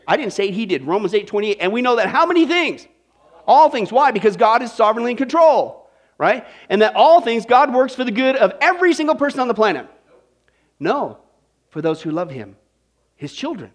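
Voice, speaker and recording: A man preaching a sermon as a Bible study teacher, folksy and animated, constantly firing rhetorical questions at his congregation. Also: high voice, moderate pace.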